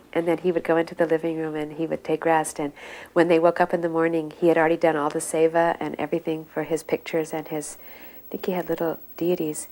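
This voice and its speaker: A woman devotee recounting memories in relaxed, meandering anecdotes. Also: sits low.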